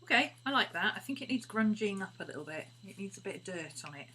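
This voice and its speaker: A woman's voice: mid-range voice, fast talker. A woman chatting casually while crafting on a live stream, often dropping to a murmur. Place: home craft studio. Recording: steady background hum.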